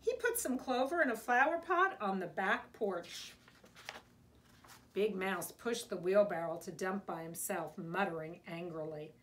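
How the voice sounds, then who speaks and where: A woman's voice: medium pitch, expressive, unhurried, a bit bright. A woman, a preschool teacher, reading a picture book aloud to young children in a sing-song storytime manner.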